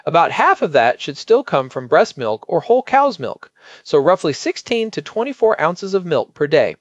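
A man co-hosting a podcast as a pediatric expert, explaining in a measured way and stressing key points. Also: on the high side, big pitch swings, no echo, lo-fi sound.

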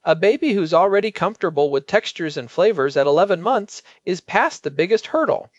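Man, expert podcast co-host, measured and emphatic, high animated voice. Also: no room sound, dull audio. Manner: measured, explanatory, emphatic on key points. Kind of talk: explanatory podcast chat.

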